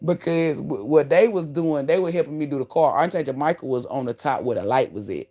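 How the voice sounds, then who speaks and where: A woman telling a profane, animated story straight to her viewers, calling them "y'all" and "baby", with emphatic outbursts. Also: deep voice, a little fast. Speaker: online creator.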